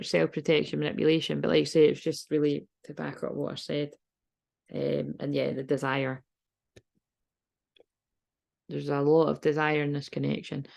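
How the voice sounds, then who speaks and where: A woman's voice: low voice, vocal fry, darkish tone. A British woman giving a casual tarot reading, rambling, laughing and swearing freely. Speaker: tarot reader.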